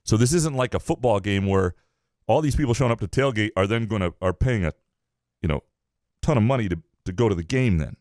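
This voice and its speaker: A man co-hosting a casual sports podcast, talking things through in a measured, hedging way. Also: on the low side, expressive, darkish tone, no echo, clean studio sound. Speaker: podcast co-host.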